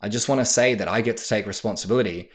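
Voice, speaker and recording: Blunt, low-voiced male coach. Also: racing. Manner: direct, blunt, swears freely, acts out sample lines. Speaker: podcast host and men's coach. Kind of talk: casual instructional talk.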